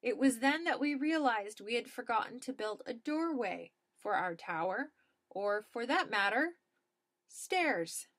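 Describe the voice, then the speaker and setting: A woman narrates a comic storybook in a dry, matter-of-fact way. Her voice sits fairly high. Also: lively intonation, moderate pace, fairly bright tone.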